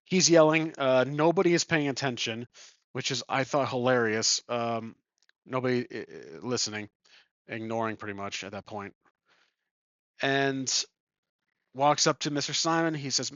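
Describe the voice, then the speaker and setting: A man's voice: medium pitch, moderate pace, fairly bright tone, no echo, muffled recording. A man thinking aloud as he plays a solo tabletop game, chuckling and correcting himself as he goes. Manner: rambling, chuckling, self-correcting. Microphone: desk microphone.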